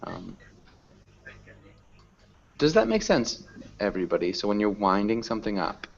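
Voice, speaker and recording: A man's voice: fairly low pitch, big pitch swings, vocal fry, lo-fi sound. A man teaching an English class online, patiently asking students questions and explaining words. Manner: patient, slow, asks questions.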